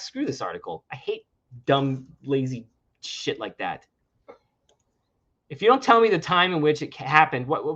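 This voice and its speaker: Man, livestream co-host, sarcastic ranting, slightly high voice, muffled lo-fi sound. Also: a bit bright. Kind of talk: casual livestream chat. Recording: lo-fi stream audio.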